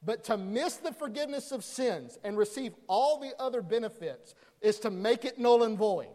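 A man preaching a sermon as a pastor, animated, acting out crowd dialogue as he teaches. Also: very high voice, normal speed. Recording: long hall reverb.

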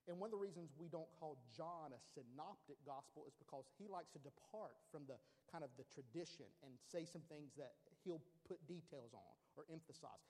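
A man preaching with a fairly high voice, lively and emphatic, then dropping low and quiet for weight. His words ring out in a hall with a long echo. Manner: emphatic, animated, drops to a hushed low voice for weight. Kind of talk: sermon.

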